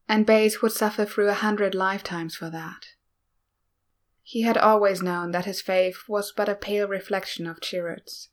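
A woman narrating a piece of fan fiction in a slow, even, subdued reading. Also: mid-range voice. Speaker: audiobook reader.

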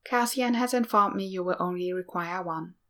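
A woman's voice: on the low side, moderate pace, fairly bright tone. A woman reading an impatient, pointed male robot with a curt manner. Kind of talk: audiobook-style fan fiction reading.

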